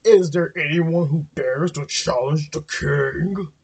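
A man voicing a huge, grumpy and arrogant bull moose in a storybook reading, bellowing slowly. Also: a little high, vocal fry, darkish tone, husky, full character voice. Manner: slow bellowing boasts.

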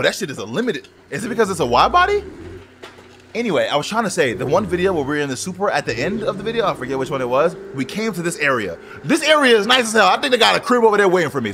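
A man giving casual, profane gameplay commentary as a gaming video host, reacting loudly to what happens in the game. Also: high voice. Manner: excitable, profane outbursts at the game. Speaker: gaming YouTuber. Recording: noisy game audio under voice. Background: driving game engine and traffic sounds.

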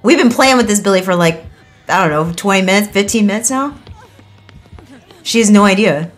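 Animated young woman streamer, excitable. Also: mid-range voice, brisk, soft background music. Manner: excitable, swearing, bursts of laughing and shrieks. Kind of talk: live game stream commentary.

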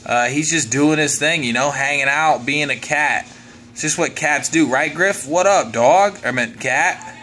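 Bright-voiced goofy young man vlogging. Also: measured pace. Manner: goofy, talks to his pets in high excited voice. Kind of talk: casual home vlog.

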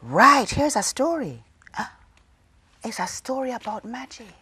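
A woman telling a folk tale to children, dramatic, with call-and-response and hushed whispers. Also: fairly high pitch, very animated, slow pace, pauses often, breathy edge. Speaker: storyteller. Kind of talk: storytelling for children.

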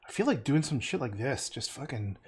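A man's voice: mid-range voice, big pitch swings, brisk, a little mellow, a little hiss or hum. A man painting on a livestream, rambling and muttering to himself, tossing in playful nonsense words and casual swearing. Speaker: painter streaming live.

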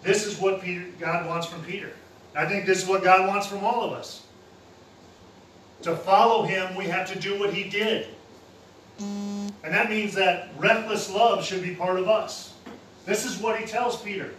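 A man's voice: high voice, fairly even intonation, unhurried, pauses often, fairly bright tone. A man preaching a sermon in a plain-spoken, casual way, using everyday slang. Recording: roomy echo, heard from a distance with faint noise.

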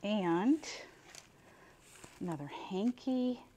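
A woman's voice: medium pitch, lively intonation, very slow, mellow, slight background noise. An older woman running a casual unboxing chat for her viewers, chatty and exclaiming over each item as she pulls it out. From Buffalo, New York. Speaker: reseller unboxing mystery boxes.

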